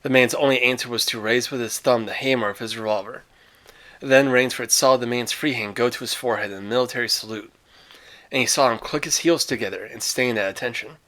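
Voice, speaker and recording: A man's voice: medium pitch, fairly bright tone. A man reading a short story aloud with dramatic phrasing and casual, offhand asides. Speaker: reader.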